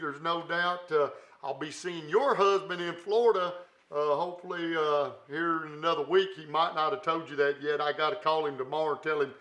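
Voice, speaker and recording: A man's voice: a little high, a bit bright. A man hosting a fishing show's live stream, chatting in a folksy, rambling way with lots of fillers and restarts. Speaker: host. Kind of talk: live-stream chat reading viewer comments.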